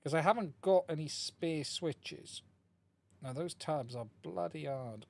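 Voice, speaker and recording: Man, fairly high voice, chatty live-stream repair, thinking aloud at a workbench. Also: unhurried, vocal fry. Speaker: streamer repairing a radio controller. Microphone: desk mic, swaps mics during the stream.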